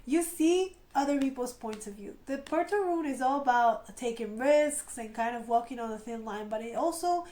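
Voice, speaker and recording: A woman giving a casual, encouraging tarot reading straight to her viewers, in a lowish tone with a touch of vocal fry. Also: a little mellow, poor audio. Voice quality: lower tone than usual, slight vocal fry. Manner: chatty, encouraging, speaks to viewers directly. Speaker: tarot reader.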